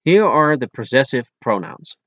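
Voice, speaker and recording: A man narrating a language-lesson audiobook in a slow, deliberate way, spelling words out letter by letter. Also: mid-range voice, big pitch swings, fairly bright tone, dry recording.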